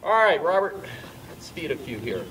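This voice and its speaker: This tennis instructor has a fairly high, sing-song voice and a moderate pace, captured by a distant mic with a little hiss or hum. Teaching volleys outdoors, he demonstrates shots and hits balls while explaining, calling out coaching pointers with occasional louder bursts.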